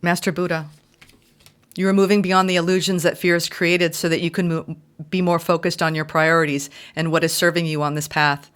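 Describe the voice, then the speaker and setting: A woman's voice: on the low side, flat delivery, a little fast, a bit bright. Heartfelt woman giving a tarot reading. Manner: heartfelt, spiritual, reads card meanings aloud; emotional and effusive. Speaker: tarot reader.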